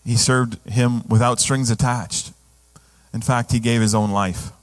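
A man's voice: medium pitch, steady tone, unhurried. A male pastor preaching a sermon in a conversational way, often asking the congregation questions.

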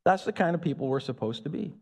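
Animated preacher, lively high pitch. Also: male voice, fast, vocal fry. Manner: animated, calls out to the congregation. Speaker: pastor. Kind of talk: sermon. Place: church. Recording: echoey hall.

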